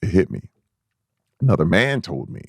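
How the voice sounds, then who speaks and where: A man with a notably low, deep voice tells a personal story as a podcast guest, animated and emphatic, often repeating himself and restarting mid-thought. The sound is close and dry, with no room echo. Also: moderate pace, gravelly, husky. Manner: animated, acts out his own past voice in a squeaky high pitch; emphatic, repeats words and restarts when excited. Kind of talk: candid storytelling conversation.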